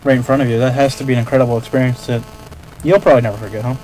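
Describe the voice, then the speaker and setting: A male radio host reacts to his guest, thoughtful and searching for the right words. His voice sits at a middle pitch. A faint noise runs behind him. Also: fairly even intonation, very fast, darkish tone, poor audio. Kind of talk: radio interview.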